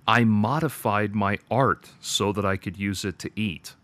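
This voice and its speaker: A man's voice: fairly low pitch, unhurried, fairly bright tone. A man voicing a desperate, hungry male artist who speaks theatrically to his audience. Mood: defensive.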